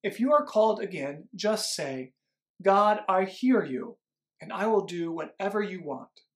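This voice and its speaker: A man's voice: sits high, expressive, a little slow. A man voicing an old, nearly blind priest who is patient but firm, in a story read to children.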